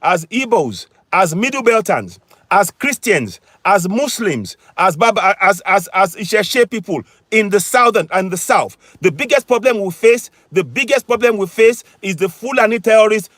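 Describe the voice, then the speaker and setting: Emphatic high-voiced Nigerian man. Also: lively intonation, moderate pace, a bit bright, dry recording. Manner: emphatic and repetitive, hammering points home with rhetorical questions. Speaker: political activist vlogger. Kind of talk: impassioned political monologue to camera.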